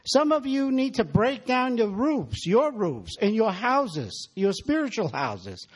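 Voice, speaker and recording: A man's voice: sits high, big pitch swings, takes it slowly. A man preaching a sermon in a church, exhorting the congregation and calling for their responses.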